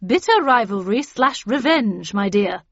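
A woman's voice: on the high side, animated, unhurried, dry recording. An imperious older lady in an audiobook speaks in a firm tone no one argues with, as a woman narrator puts her on. The recording is dry and slightly muffled. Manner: not-to-be-argued-with.

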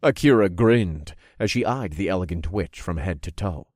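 Deep voiced guy reading a fantasy story in first person, dry close sound, expressive. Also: normal speed, no echo. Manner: expressive, groaning and cursing in character. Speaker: narrator. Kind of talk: first-person audiobook narration.

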